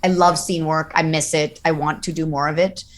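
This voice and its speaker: A Colombian-American woman voice actor chatting on a podcast, animated and jumping into quoted voices. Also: normal speed. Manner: animated, acts out quoted voices with big pitch jumps. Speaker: guest voice actor. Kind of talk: casual podcast chat.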